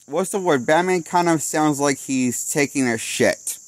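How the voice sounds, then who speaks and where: A man's voice: a little high, unhurried, no echo. A man giving a casual spoken film review, rambling and losing his train of thought while laughing at his own jokes. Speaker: movie critic.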